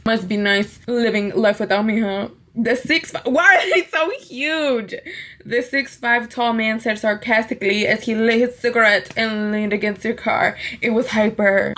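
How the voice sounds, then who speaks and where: A woman's voice: medium pitch, fairly bright tone. A young woman hosting her channel, chatting playfully and laughing often as she reacts. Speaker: YouTuber. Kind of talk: casual vlog chat.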